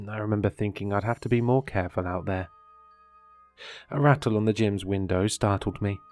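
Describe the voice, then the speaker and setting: A man reads a horror story aloud in a measured, dramatic way. His voice sits low, and faint music plays underneath. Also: darkish tone. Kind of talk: scripted horror story narration.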